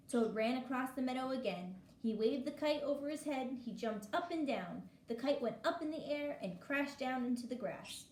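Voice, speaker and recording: A woman gently reading a children's picture book aloud, in a clear storytelling manner. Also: high voice, animated, moderate pace, hardly any pauses. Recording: echoey room with faint hiss.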